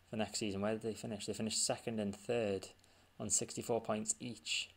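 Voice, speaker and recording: A man with a gravelly, slightly low voice talks through gameplay in a casual, offhand way. He thinks aloud and mutters to himself as he scans results on screen. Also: flat delivery, normal speed, hardly any pauses. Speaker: gaming channel host.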